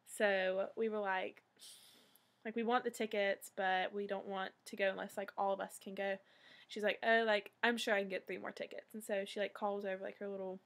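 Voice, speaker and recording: Chatty young woman with vocal fry. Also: mid-range voice, fairly bright tone. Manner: chatty, many fillers like "like" and "um". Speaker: vlogger. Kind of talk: casual storytelling.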